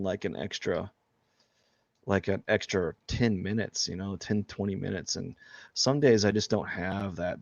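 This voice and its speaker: Male artist, casual stream chatter, self-deprecating, gravelly, close and dry. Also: lowish voice, no room sound, muffled recording. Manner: rambling, self-deprecating, joking. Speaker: artist streaming live drawing. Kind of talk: casual live-stream chat while drawing.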